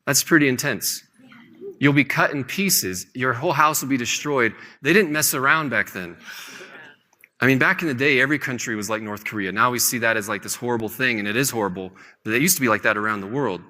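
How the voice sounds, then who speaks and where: Male Bible teacher, bright and forward tone, easygoing conversational delivery with dry humor, recorded with long hall reverb. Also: mid-range voice, fast talker. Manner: relaxed, conversational, paraphrases scripture loosely with light humor. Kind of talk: casual Bible lesson.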